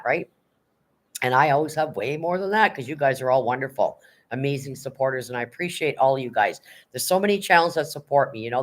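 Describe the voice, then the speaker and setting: A man's voice: on the high side, fairly bright tone. Upbeat man reading live chat aloud. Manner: reads chat messages aloud, upbeat encouraging. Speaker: livestream host. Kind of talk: casual live-chat shoutouts.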